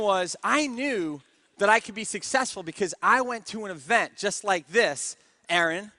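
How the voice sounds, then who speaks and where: A man, a network marketing speaker, telling his story in a lively motivational talk and often asking the audience questions. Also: sits high, normal speed. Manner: energetic storyteller who keeps asking the crowd.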